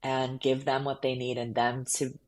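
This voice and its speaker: A woman's voice: a bass voice, level tone, normal speed, a little mellow. A woman actor as a podcast guest, telling reflective personal stories in casual chat.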